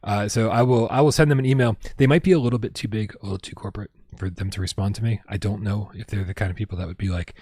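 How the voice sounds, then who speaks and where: A man's voice: fairly low pitch, lively intonation, fairly quick, darkish tone, breathy edge, dry recording, studio quality. A man hosting a casual gaming livestream at home, rambling and reading out viewer tips with lots of restarts. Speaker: livestream host.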